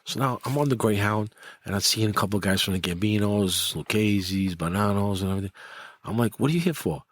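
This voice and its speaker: A man's voice: a little fast, dry recording. A middle-aged man, telling a story in casual talk and acting out the quotes in it. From New York. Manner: animated, acts out quotes with rising pitch. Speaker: guest, former mob enforcer.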